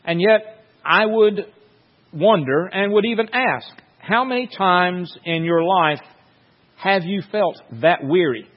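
A man preaching a sermon in a slow, measured way, reading scripture and telling a story with long pauses. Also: sits high. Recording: dull sound with long hall reverb.

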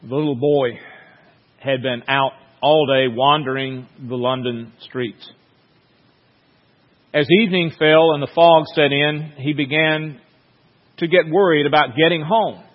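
A man preaching a sermon in a slow, measured way, reading scripture and telling a story with long pauses. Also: a little high. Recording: dull sound with long hall reverb.

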